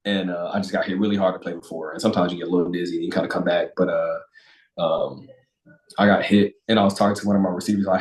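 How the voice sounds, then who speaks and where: A young man, a football player, chatting as a guest and telling stories with laughs, raising his voice high to act out quotes. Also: steady tone, rapid-fire. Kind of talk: casual interview chat. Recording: roomy echo.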